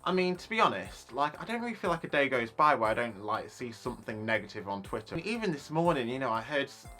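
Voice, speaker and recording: A man's voice: medium pitch, sing-song, quick pace, bright, forceful tone, soft background music. A young man, ranting casually in a vlog, chatty and full of likes and you knows. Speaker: YouTuber.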